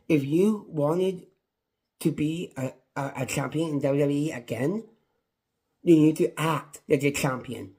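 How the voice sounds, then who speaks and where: A man's voice: on the high side, unhurried, a little mellow. A man reviewing a wrestling show on his own, in a passionate, repetitive rant. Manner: impassioned, ranting, repetitive. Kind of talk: casual solo review.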